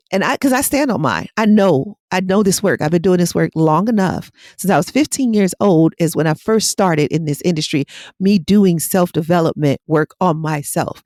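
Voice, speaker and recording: A woman's voice: fairly low pitch, darkish tone, no echo, clean studio sound. A middle-aged woman hypnotherapist giving a casual, blunt and direct motivational talk on her podcast.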